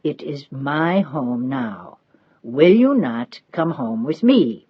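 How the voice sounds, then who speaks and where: A woman's voice: low voice, big pitch swings, a little slow, husky, dry recording, dull audio, heavily acted. A woman reading an old motherly Italian housekeeper. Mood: tender. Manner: pleading, insistent.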